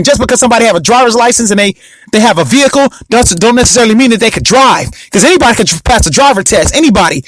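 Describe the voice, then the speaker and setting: High-pitched dude rambling thru his podcast intro, sarcastic, dry close sound. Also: no echo. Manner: sluggish, mock-excited intro. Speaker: podcast host. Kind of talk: casual solo podcast.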